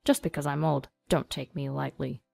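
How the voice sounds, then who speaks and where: A woman's voice: deep voice, flat delivery, moderate pace, creaky, a little mellow, no echo, faint music behind, voice pushed down, full character voice. Woman reading a menacing old man. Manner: blustering and menacing. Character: greedy, threatening old male steakhouse owner.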